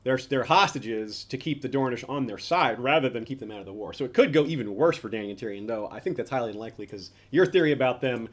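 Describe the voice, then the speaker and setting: A man of middling pitch talking through fan theories in a relaxed, casual way. He thinks aloud, circling back and restarting his sentences as he weighs possibilities. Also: quick pace, hardly any pauses. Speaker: podcast co-host.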